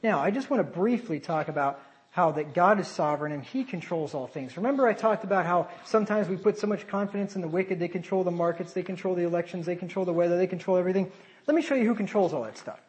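A man preaching a sermon, animated, with sarcastic asides and sudden drops to a quieter voice. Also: sits high, fast talker, rough recording.

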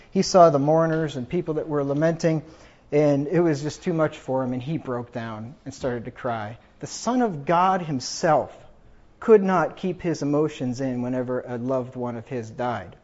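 A man's voice: fairly high pitch, normal speed, a little mellow, dull audio. A man preaching a funeral sermon, reading scripture aloud with rising emphasis.

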